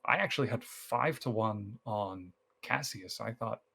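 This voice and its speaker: A man's voice: on the low side, unhurried, gravelly, sharp tone, breathy edge, exaggerated voice. A man voicing a cheerful, sly female character with a breezy manner. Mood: cheery.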